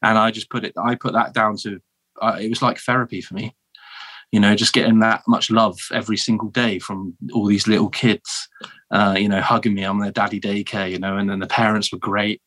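Man, southern English accent, 30s, lowish pitch, animated storyteller, interview guest. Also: a little fast, no room sound. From south of England. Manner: animated, chatty, many restarts and "man". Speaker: guest, former marine.

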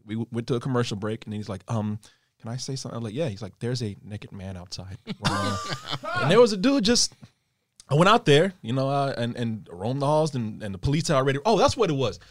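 A man's voice: mid-range voice, a little fast. A man appearing as a guest, telling stories expressively in casual chat. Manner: expressive storyteller, laughs and swears.

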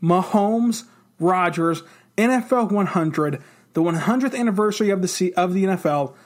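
Excitable higher-voiced man talking football. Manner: fast, excited, rambling. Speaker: sports podcast co-host. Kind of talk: casual sports talk.

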